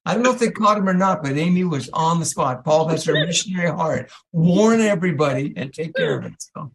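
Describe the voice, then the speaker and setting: A middle-aged man telling a family story in a lively, laughing way. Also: on the high side, a little fast, a little hiss or hum, low-quality recording. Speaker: storyteller on a talk show. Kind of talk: casual storytelling.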